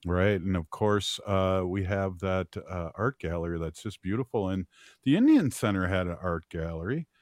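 A man's voice: low-pitched, lively intonation, normal speed, darkish tone, no echo, clean studio sound. A man hosting a community radio show, chatting casually with many fillers and easy laughs. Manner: rambling, filler-heavy, laughs easily. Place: radio studio.

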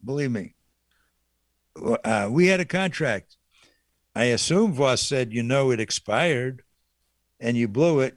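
A man's voice: medium pitch, no echo, clean studio sound. A man delivering an indignant, sarcastic political monologue as a talk radio host.

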